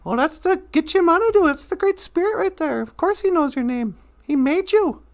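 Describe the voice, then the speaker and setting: A loud, grumbling old eagle spirit, acted by a woman storyteller. He sounds worn out by everyone asking him for help and pokes fun at himself. The voice sits high and carries some push. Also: lively intonation, moderate pace. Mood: matter-of-fact. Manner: exasperated, self-mocking. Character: gruff old male eagle spirit messenger.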